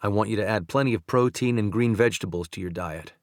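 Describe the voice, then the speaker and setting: A man voicing a calm male country doctor in an audiobook, speaking gently and steadily. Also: on the low side, quick pace, no echo, studio quality, natural voice. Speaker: audiobook narrator. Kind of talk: audiobook dialogue reading.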